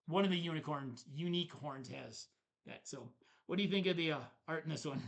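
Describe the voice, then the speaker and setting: His voice is on the high side, a little fast and gravelly. The man co-hosts a casual show-and-tell board game review, chatting as he shows the cards and laughing at the card puns.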